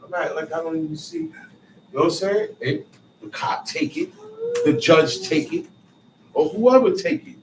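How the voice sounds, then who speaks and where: A man's voice: a little high, very animated, moderate pace, long pauses. A man explaining scripture verses in casual street slang, paraphrasing and repeating lines as he teaches. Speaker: bible teacher. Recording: roomy echo, far from mic, faint noise.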